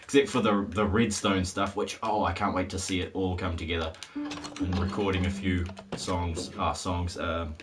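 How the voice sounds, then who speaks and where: His low voice shows little pitch movement and runs at normal speed. The man is streaming a game and chatting in casual, rambling, wry live-stream commentary, recorded from a distance so it's a bit off-mic with faint hiss.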